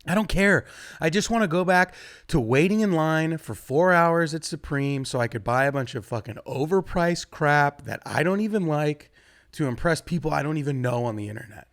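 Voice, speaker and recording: A young man works through a stand-up set in a rambling, foul-mouthed way. His fairly high voice swings widely in pitch and leaps into loud outbursts. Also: moderate pace. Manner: profane, rambling, animated delivery with sudden loud jumps. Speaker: stand-up comedian.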